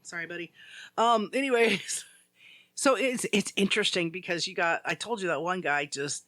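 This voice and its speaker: A man's voice: high-pitched, moderate pace, sharp tone, no echo. A man co-hosting a casual podcast chat, telling a rambling story full of "like". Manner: rambling storyteller, heavy use of "like". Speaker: podcast co-host.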